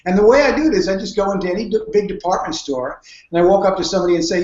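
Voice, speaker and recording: A network marketing guest speaker races through answers to interview questions on prospecting, his voice high-pitched with a darkish tone. He tells earnest stories and keeps restarting sentences, all captured in dull, roomy sound.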